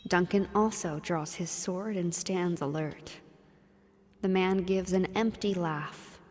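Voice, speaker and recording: Woman narrating a story game in a long-reverb room, lowish voice, measured and even. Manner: even, measured reading, slipping into quick casual chat. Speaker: let's play co-host narrating the game text. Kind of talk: reading game narration aloud with casual asides.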